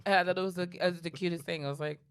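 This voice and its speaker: A woman's voice: fairly low pitch, fairly even intonation, very fast, clear, resonant tone, no room sound. A woman co-hosting a podcast in casual chat, blunt and profane, laughing often. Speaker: podcast co-host.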